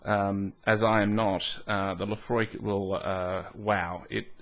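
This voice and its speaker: A man's voice: on the low side, a bit bright, slight background noise. A man hosting a casual tasting vlog, musing aloud with hums, restarts and self-mocking asides. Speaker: whisky reviewer.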